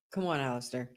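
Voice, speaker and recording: Slow-talking excitable woman watch-along host. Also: extremely low pitch. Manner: excitable, talks to viewers, exclaims at the action. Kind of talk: live watch-along commentary.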